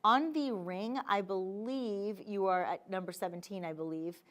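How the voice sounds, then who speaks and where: A woman with a New Jersey accent pitches jewelry on live shopping television. She talks in a chatty, enthusiastic way, full of playful asides, at an everyday middle pitch. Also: normal speed, fairly bright tone. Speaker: shopping channel host.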